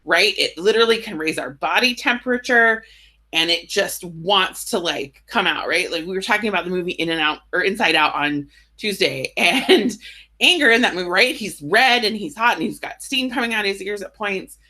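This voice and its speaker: Woman, bright voice, guided tapping session, casual, instructive, gentle affirmations. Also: medium pitch, animated, normal speed. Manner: casual, uses "right?" and "like" often.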